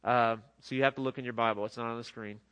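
A man's voice: medium pitch, steady tone, quick pace, a bit bright, smooth. A middle-aged man preaching a sermon in an earnest, conversational way, often restarting his sentences. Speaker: pastor.

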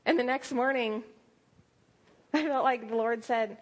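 A young adult woman preaching a sermon, telling stories with lively quoted asides. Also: a little high, a little slow, pauses often.

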